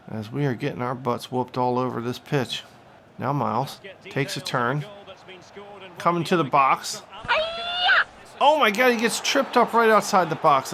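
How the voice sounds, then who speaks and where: A man hosting a gaming video, calling the on-screen action in an excitable mock sportscaster style with bursts of frustration. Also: mid-range voice, gravelly. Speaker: gaming channel host. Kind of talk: play-by-play gameplay commentary.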